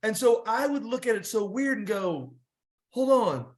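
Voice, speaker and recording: In a casual interview, a middle-aged wrestler with a high voice talks at normal speed, spinning loose, wandering stories from the ring with frequent fillers and restarts.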